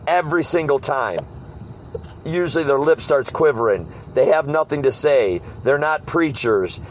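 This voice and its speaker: A man's voice: medium pitch, moderate pace, slight background noise, rough recording. A man, a street preacher, leads a casual group talk and tells stories, often acting out the hecklers he meets. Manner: animated storyteller, mimics hecklers. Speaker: street preacher leading a discussion.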